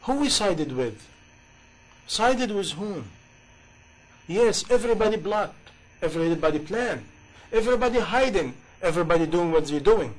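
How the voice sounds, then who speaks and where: A man's voice: high voice, expressive, normal speed, long pauses, poor audio. A man preaching a sermon in passionate, English, with many rhetorical questions. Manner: impassioned, rhetorical questions, non-native grammar.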